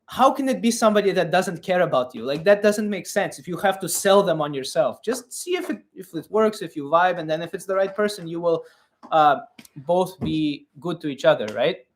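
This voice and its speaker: A man in his thirties hosting a live comedy advice stream in a deadpan persona with broken English, rambling with many restarts. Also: sits high, fairly quick.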